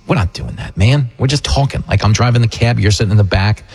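A man hosting a talk show, ranting with sarcastic, animated, mocking political commentary. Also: fairly low pitch, fast talker, breathy edge. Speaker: radio host and comedian.

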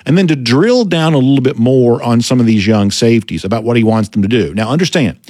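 Georgia-accented male host, emphatic opinion commentary, very animated delivery. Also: mid-range voice, no room sound, studio quality. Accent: Georgia Southern US. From Gainesville, Georgia. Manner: emphatic, drawn-out words for stress. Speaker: sports show host.

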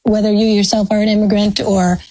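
An American woman historian, a guest speaking from a law school, gives long, thoughtful, academic answers in an interview. Her mid-range voice is level, fairly quick and mellow. The recording is low quality, with no room sound.

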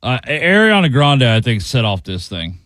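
A man's voice: mid-range voice, big pitch swings, normal speed, a bit bright, dry recording. A man co-hosting a radio show, reacting with short agreeing remarks and dry quips. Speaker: radio co-host. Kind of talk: casual morning show banter.

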